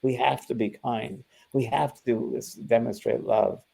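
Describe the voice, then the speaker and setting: An older man speaks in a relaxed, mellow tone with a gravelly edge. He tells a spiritual story in loose, unscripted talk, often stumbling and restarting mid-sentence. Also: medium pitch, measured pace. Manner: storytelling with many restarts and fillers. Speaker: spiritual medium, co-host. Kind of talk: casual spiritual conversation.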